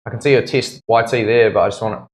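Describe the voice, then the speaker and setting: A man's voice: medium pitch, steady tone, fast talker. A man, a tattoo artist chatting casually on a live stream, laid-back and joking, swearing freely. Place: tattoo studio.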